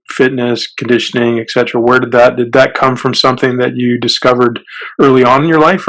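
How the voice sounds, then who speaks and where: A man hosting a podcast interview, asking slow, searching questions. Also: mid-range voice, a bit bright, poor audio. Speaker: podcast host.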